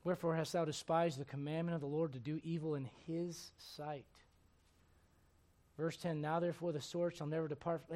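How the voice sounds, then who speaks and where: A man preaching a sermon who swings between quiet, conversational asides and loud, emphatic exhortation, acting out the voices he quotes. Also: fairly high pitch, little pitch movement, normal speed. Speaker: pastor.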